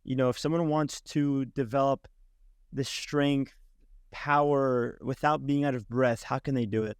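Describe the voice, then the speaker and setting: Male podcast host, mid-pitched, halting, lots of fillers, dry close sound. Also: fairly even intonation, smooth, no echo. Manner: hesitant, with many restarts and fillers. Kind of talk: conversational interview.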